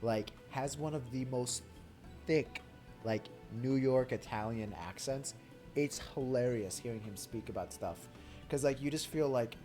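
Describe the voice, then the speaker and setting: A man's voice: medium pitch, normal speed, dark tone. Rambling young man streaming a game. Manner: rambling and joking, heavy use of "like", crude humor. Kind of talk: casual live-stream chat while reading game dialogue. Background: game music.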